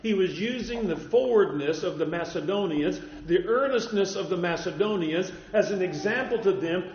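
A man's voice: a little high, a little mellow. A man preaching an expository Bible sermon, emphatic and quoting scripture, recorded in a church hall. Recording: echoey hall, dull lo-fi sound.

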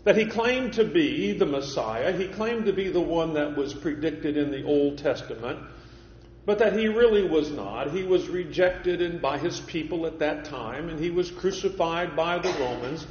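A man's voice: on the high side, animated, a little mellow, a little hiss or hum. Man preaching in an echoey hall. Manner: measured preaching, repeats phrases for emphasis. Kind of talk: sermon. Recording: echoey hall, dull lo-fi sound.

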